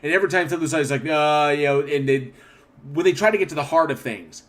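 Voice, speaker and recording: A man's voice: a little high, fast talker, a bit bright. A man hosting a casual livestream, rambling with restarts as he reads viewer comments aloud and answers them. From northern Oklahoma. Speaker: livestream host.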